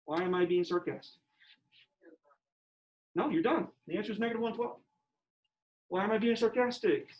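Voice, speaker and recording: A man teaching a geometry class. He talks in an animated, joking way and rises to near-shouting at times. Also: high-pitched, moderate pace, long pauses, muffled recording. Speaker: high school geometry teacher. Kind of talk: classroom lecture.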